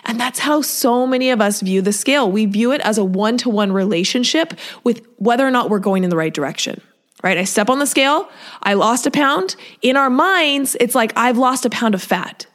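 A woman's voice: a little high, expressive. Chatty woman fitness coach. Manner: chatty, quotes people in asides, speeds up and slows for emphasis. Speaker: fitness coach and podcast host. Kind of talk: solo podcast monologue.

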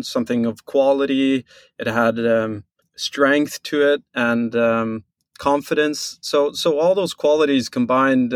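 A man's voice: mid-range voice, dry recording. Hesitant Norwegian-accented man, dry sound. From Norway. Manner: measured, explanatory, with frequent hesitations and restarts. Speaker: guest, brand co-founder. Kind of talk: casual podcast interview.

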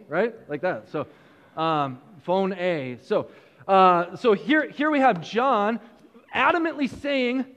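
A man preaching a sermon as pastor, animated, repeating words and chuckling between points. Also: high-pitched, measured pace, big-room sound, muffled recording.

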